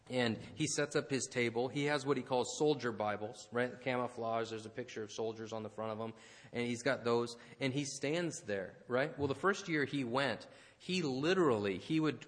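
A man's voice: medium pitch, fairly bright tone, long reverb tail. A man preaching a sermon, telling stories in a conversational way with frequent asides. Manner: conversational, many asides and "right?" tags. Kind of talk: sermon with storytelling.

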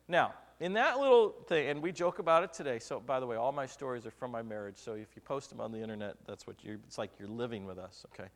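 A man preaching a sermon, telling humorous stories from his own marriage and swinging between loud and soft delivery. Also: medium pitch, lively intonation, quick pace, few pauses. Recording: long reverb of a large hall.

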